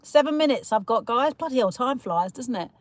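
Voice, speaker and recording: A woman's voice: a little high, animated, fairly quick. Chatty woman on a live stream. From Kent, south of England. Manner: chatty, teasing, laughs often, calls viewers darling. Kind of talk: casual live chat reading comments. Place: in a parked car.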